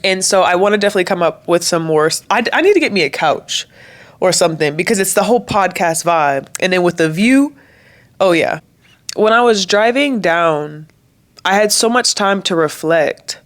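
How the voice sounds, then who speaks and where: A woman's voice: fairly low pitch, expressive, normal speed. Emotional young woman vlogging. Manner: emotional, candid, chatty with many likes. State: voice cracking, near tears. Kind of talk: casual talk to camera.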